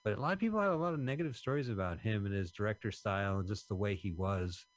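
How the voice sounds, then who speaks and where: A man co-hosting a casual movie commentary, playful and quick with puns. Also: fairly low pitch, no echo. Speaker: co-host.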